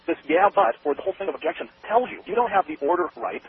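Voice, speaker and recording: A man talks at a rapid clip, his pitch jumping around as he acts out a sales talk, with a gravelly edge to his voice. He comes through a tinny phone line with faint hiss behind him. It is an interview about sales. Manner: fast, animated, acts out both sides of a sales talk. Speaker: sales trainer. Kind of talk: interview answers, explaining a sales method.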